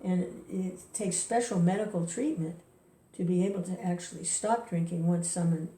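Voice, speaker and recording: A woman's voice: fairly low pitch, normal speed, dark tone. Woman chanting and musing, roomy distant sound. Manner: rambling, chuckling, chants between thoughts. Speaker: devotee sharing reflections. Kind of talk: casual spoken reflection with chanting.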